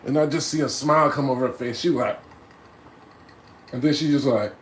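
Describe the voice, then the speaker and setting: A man telling a personal story in a casual, animated way, often laughing and adding "right?" to his lines. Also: medium pitch, brisk, slight background noise. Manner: acts out voices and loud cries.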